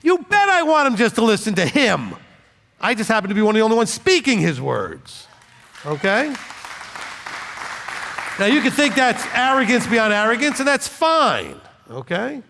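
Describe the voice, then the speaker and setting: A man's voice: very high voice, huge pitch swings, normal speed, vocal fry, big-room sound, crowd noise, background noise. A man, a rabbi, giving an informal sermon in a blunt, conversational way, often checking in with "okay?" and joking as he goes. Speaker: rabbi teaching scripture.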